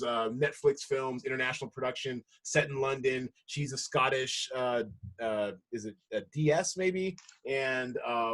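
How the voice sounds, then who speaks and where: An American man hosting a podcast, rambling and correcting himself in casual chat, quick to laugh. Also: mid-range voice, fairly bright tone. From United States. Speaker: podcast host.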